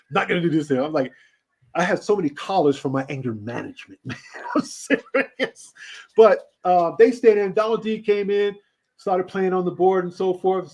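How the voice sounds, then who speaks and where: A man with a slightly raised voice tells rambling stories in a relaxed interview. He laughs often and swears freely. He talks like a radio host swapping old memories. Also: high voice. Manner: animated, laughing, swearing storyteller. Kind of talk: casual storytelling interview.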